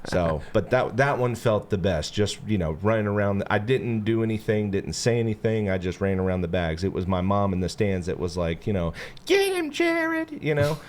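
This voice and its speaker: Laid-back storytelling man, low voice. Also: a little fast, few pauses. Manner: animated storyteller, acts out quotes in bursts; relaxed, lots of "you know" fillers. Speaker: podcast host. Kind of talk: casual storytelling chat.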